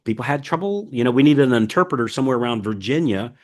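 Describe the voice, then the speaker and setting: A man's voice: medium pitch, animated, fast, a little hiss or hum. A man hosting a podcast in casual, folksy chat, rambling with many fillers and restarts. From United States. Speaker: podcast host.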